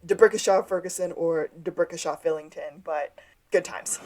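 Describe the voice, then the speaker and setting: A woman co-hosting a podcast, casually recapping a TV episode and acting out its lines. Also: on the low side. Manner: animated, acts out scenes with quick line readings. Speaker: podcast co-host.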